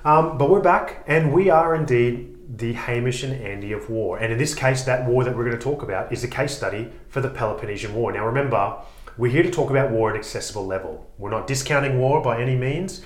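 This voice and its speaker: A man's voice: mid-range voice, fast talker, echoey room. A man co-hosting a comedy podcast, rambling and self-mocking in casual chat. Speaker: podcast co-host.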